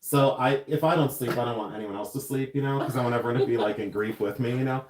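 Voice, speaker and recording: A man's voice: medium pitch, fast, echoey room. A man hosting a live silversmithing stream, chatting and telling rambling stories while he works. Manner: chatty, rambling storyteller who goes on tangents. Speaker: silversmith livestream host. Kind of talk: casual chat while demonstrating jewelry making. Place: jewelry studio.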